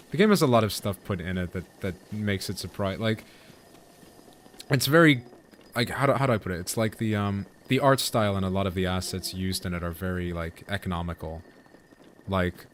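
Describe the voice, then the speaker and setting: A man with a low-sitting voice streams a video game, chatting casually with viewers and rambling, often interrupting himself. It's relaxed gaming commentary, with a faint hiss or hum in the background.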